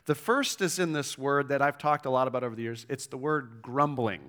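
A pastor preaching a sermon in a conversational way, checking in with the listeners and reading scripture aloud with emphasis. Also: male voice, mid-range voice, fairly quick, fairly bright tone. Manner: conversational preaching with frequent "right?" and "okay?" check-ins.

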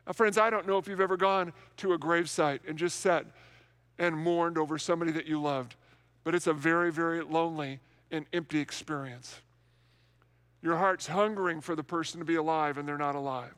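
A man's voice: on the high side, fairly even intonation, a little fast, a bit bright, clean tone. A male pastor preaching an Easter sermon in a large, empty worship center, earnest and repeating words for emphasis.

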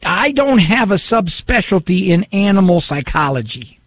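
A man's voice: high voice, very animated, normal speed, no echo. A man hosting a radio talk show in a studio, chatting casually and reading listener emails aloud with a self-deprecating humor.

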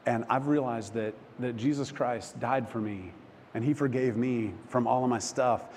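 A man preaching a sermon, telling a personal story with emotion, halting and restarting often. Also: medium pitch, a little mellow. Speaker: pastor. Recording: long hall reverb, faint background noise.

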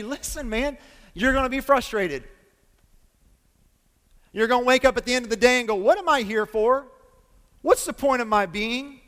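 A man preaching a sermon to his congregation, animated and emphatic, calling out to the room and asking for amens. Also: very high voice. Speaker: pastor. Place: church sanctuary with congregation. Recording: long hall reverb.

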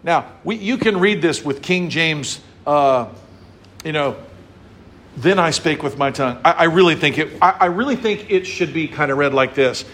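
A man preaching a sermon to his congregation, acting out little scenes and voices as he explains a psalm. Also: normal speed. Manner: animated, acts out scenes and voices with big pitch swings. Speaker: pastor.

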